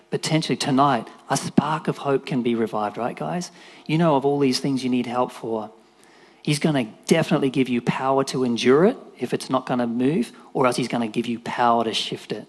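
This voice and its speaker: Animated man preaching casually. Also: fairly high pitch, big-room sound. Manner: animated, acts out voices, rises to shouts. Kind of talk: casual sermon.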